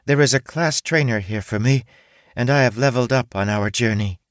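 A man's voice: medium pitch, brisk, dry recording, clean studio sound, pitched above the performer's own voice, lightly acted. A man voicing Titha, a polite, deferential young female trainee.

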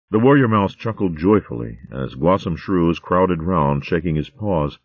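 Man, storybook narrator, very low voice, lively pitch, phone-like sound. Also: measured pace, hardly any pauses, no echo. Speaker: audiobook narrator. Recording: phone-like dry audio.

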